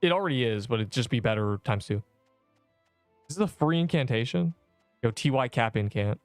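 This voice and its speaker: A man's voice: medium pitch, expressive, a little fast, clear, resonant tone, dry recording, faint music behind. A young man chatting on a game livestream, rambling in slang and joking with mock outrage at his chat. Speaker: game streamer.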